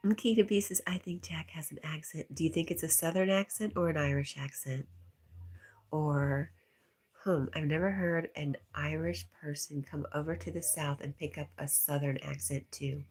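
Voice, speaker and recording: Livestream host, woman, deep breathy voice, relaxed chat with viewers. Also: moderate pace. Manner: reads viewer comments aloud, often softly whispered.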